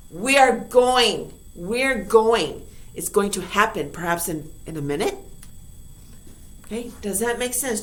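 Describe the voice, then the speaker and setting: A woman teaching a recorded online grammar lesson to high school students, lively and playful, repeating key words. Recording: echoey room.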